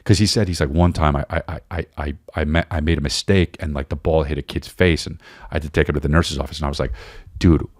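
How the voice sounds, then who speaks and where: A man's voice: very deep voice, fairly even intonation, fast talker, no room sound, studio quality. A comedian hosting a podcast, telling a rambling story in casual monologue, acting out quotes and often restarting his sentences. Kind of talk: animated comic storytelling.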